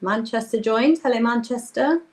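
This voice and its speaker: A woman's voice: a little high, normal speed, a little mellow. A young woman hosting a live craft workshop, chatting casually and greeting viewers by name while she works.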